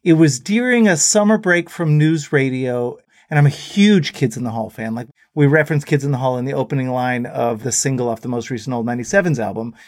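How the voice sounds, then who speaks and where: A musician is the guest on a talk show, trading animated anecdotes and quoting the voices of the people involved in a relaxed storytelling interview. He speaks briskly at medium pitch, on a dry, clean studio recording.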